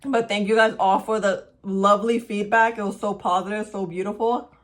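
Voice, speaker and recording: A woman's voice: medium pitch, fairly even intonation, normal speed. A young woman chatting casually to camera as a beauty vlogger, upbeat and talking while she eats, at home by a window.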